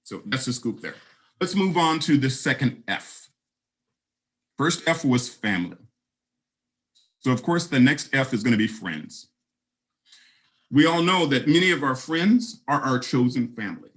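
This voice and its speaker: A man's voice: medium pitch, very animated, a little slow, pauses often, fairly bright tone, rough recording. A man in his fifties giving a conference keynote, telling stories and speaking straight to the audience.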